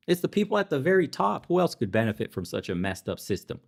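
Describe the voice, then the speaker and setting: A man's voice: mid-range voice, big pitch swings, brisk, slightly rough. A young adult man hosting a podcast, ranting in heated political commentary with sarcastic, profane, mocking asides. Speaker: podcast host.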